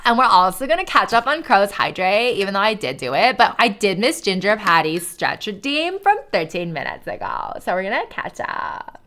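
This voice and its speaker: A woman livestreamer in casual chat, reading aloud to her viewers; excitable and chatty, swearing freely. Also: medium pitch, a little fast.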